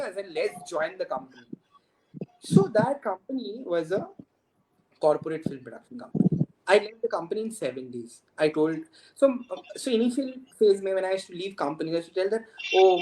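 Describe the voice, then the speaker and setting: A man in his thirties with an Indian English accent, a film director chatting as a guest, very talkative and laughing often as he tells stories. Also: high voice. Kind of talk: casual storytelling. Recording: noisy recording with clicks.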